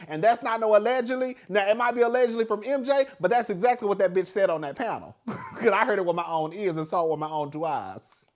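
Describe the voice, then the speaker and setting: Sassy animated man recapping reality TV. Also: high-pitched. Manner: animated, sassy, frequent laughs and swearing. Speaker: reality TV commentator.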